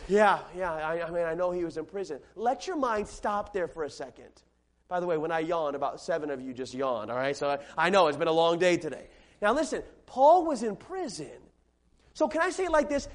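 A man with a strikingly high voice delivers an evening sermon to a gathered congregation. His tone is conversational and animated. He checks in with the listeners and circles back to repeat his main points. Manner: conversational and animated, asking the audience questions and repeating key points. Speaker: preacher. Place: room with a gathered audience.

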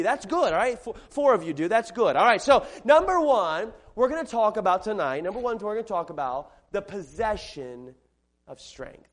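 A man preaching an evening sermon to a congregation in a room. He talks conversationally and with energy, asks the listeners questions and repeats his main points. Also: high-pitched. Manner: conversational and animated, asking the audience questions and repeating key points. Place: room with a gathered audience.

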